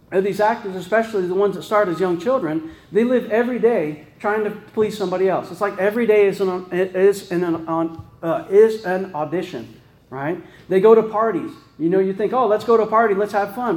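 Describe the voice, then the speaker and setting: A man's voice: high voice, a little mellow, reverberant. A man giving a conversational sermon, often tossing in "right?" and restarting his sentences. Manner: casual, peppered with "right?" tag questions and restarts. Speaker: preacher.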